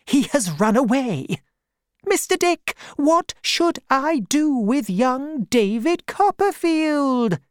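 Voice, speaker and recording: A woman voicing a stern, commanding older aunt who speaks firmly and shouts orders at her servant, in a storybook reading. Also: high voice, sing-song, slow, slight background noise, voice pushed up, heavily acted. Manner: firm, loud, bossy.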